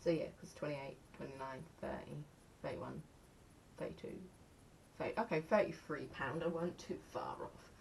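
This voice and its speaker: A woman's voice: low voice, brisk, gravelly, few pauses, darkish tone, slight background noise. A young English woman chatting casually to camera in a rambling, self-mocking way, counting aloud as she goes. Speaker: vlogger.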